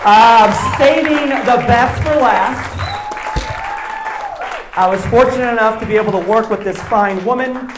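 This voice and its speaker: A male comedian performing live stand-up on stage, animated, dropping to low asides and then shouting punchlines. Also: a little slow, roomy sound, a crowd in the background, noisy background. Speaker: stand-up comedian and show host. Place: live stage before an audience.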